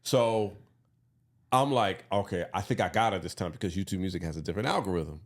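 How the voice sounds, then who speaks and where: A man co-hosting a casual podcast, laid-back and animated, laughing often as he tells stories. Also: sits low, fairly quick. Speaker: podcast co-host. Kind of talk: casual chat.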